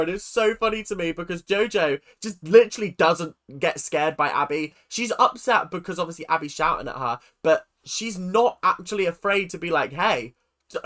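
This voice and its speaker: Reaction host, female, lively swooping delivery, ranty and casual. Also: fairly low pitch, moderate pace. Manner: animated and ranting, laughing often.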